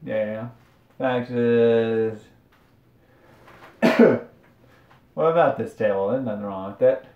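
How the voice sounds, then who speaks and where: Cooking in his home kitchen, a young streamer chats casually on a livestream, telling rambling, self-deprecating stories. His voice is mid-range and slow. The stream audio is roomy, dull, and lo-fi.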